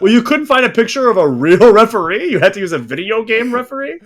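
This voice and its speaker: High-pitched man, very animated, mocking and incredulous. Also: quick pace. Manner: loud, incredulous, swears a lot. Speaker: co-host. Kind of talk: casual comedic banter.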